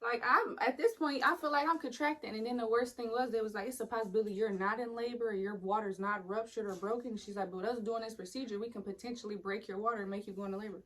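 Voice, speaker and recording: Blunt, animated young woman telling a story. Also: medium pitch, fast talker, hardly any pauses, rough recording. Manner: animated, blunt and profane, acts out the people in her story. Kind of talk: casual storytime.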